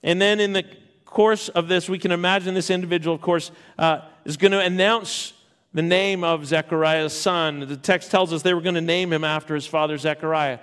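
A man delivers a sermon to his congregation, retelling a scripture story in a lively, emphatic way. His voice sits a little high for a man, and he often repeats and restarts words as he builds his point. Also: normal speed, clear, resonant tone. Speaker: pastor.

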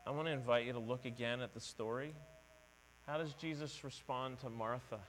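Preaching in a church sanctuary, a middle-aged pastor is conversational and earnest, taking on the voices of those he quotes. His mid-range voice is fairly bright and fairly quick with fairly even intonation, and the recording has long hall reverb plus mains hum.

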